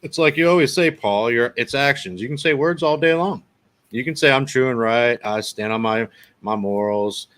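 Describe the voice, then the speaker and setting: A man's voice: mid-range voice, normal speed, fairly bright tone. A man as a podcast guest, telling a story bluntly with lots of swearing. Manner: blunt, profane, plainspoken. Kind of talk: casual storytelling chat.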